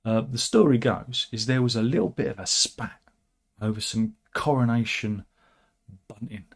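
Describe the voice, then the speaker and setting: A man's voice: medium pitch, moderate pace, husky. A man hosting a casual, satirical news commentary, wry and chatty with frequent asides. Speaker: host.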